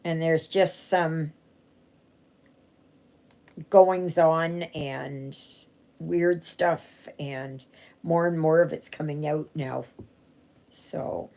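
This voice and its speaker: A woman's voice: deep voice, steady tone, drawn-out words, long pauses, darkish tone. A woman, chatting casually and rambling with many fillers and restarts while she stitches on a live stream. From Canada. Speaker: cross-stitch vlogger.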